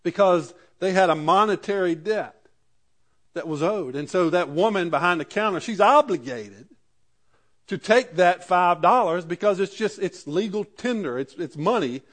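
A man's voice: high voice, lively intonation, moderate pace, fairly bright tone. A man preaching a sermon in a conversational way, building to emphatic peaks. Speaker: pastor.

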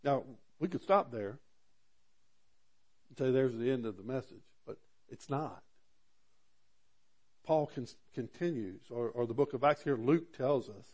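A man preaching a sermon, reading scripture in a rising, loud voice and then dropping to quiet asides, with frequent repeated words and restarts. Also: medium pitch, a little slow, long pauses, slightly rough. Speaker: pastor.

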